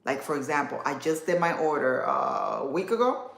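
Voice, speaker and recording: A woman's voice: sits low, moderate pace, gravelly. Chatty woman livestreaming to viewers. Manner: warm, chatty, reads and answers viewer comments. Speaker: livestream host. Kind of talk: casual livestream chat with viewers. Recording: echoey room.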